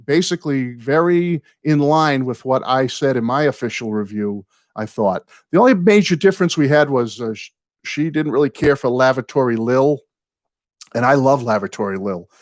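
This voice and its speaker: An older American man in his sixties hosting a live viewer chat, in a medium voice recorded dry and close. He talks like a rambling storyteller, drifting off into long tangents. He apologizes often and speaks warmly to his regulars. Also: medium pitch, lively intonation, moderate pace, dry recording. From United States. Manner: apologetic, warm toward viewers. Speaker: host.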